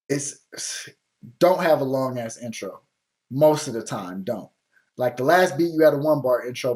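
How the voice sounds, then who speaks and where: A man's voice: mid-range voice, a little mellow. A man hosting a show where he gives beat feedback, talking bluntly and casually with lots of slang and swearing while still encouraging the producer. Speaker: music producer host giving feedback on beats.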